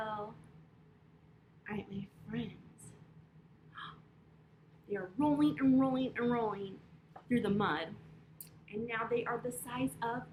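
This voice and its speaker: A woman's voice: fairly high pitch, a bit bright, a little hiss or hum. A woman reading a picture book aloud to children, sing-song and encouraging, guiding them through yoga poses and sign language. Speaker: children's storyteller and yoga teacher. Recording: echoey room.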